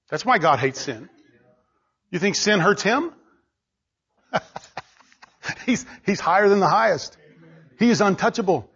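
A man preaching a sermon, driving his points home with repetition and bursts of shouting. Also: high voice, animated, measured pace, long pauses, husky. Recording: dull lo-fi recording.

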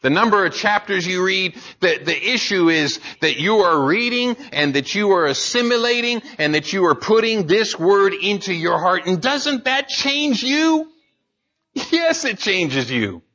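A man's voice: sits high, expressive, normal speed, few pauses, pushed and bright, muffled recording. A man preaching a sermon in an earnest way, building emphasis and often restarting his words as he speaks. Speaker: pastor.

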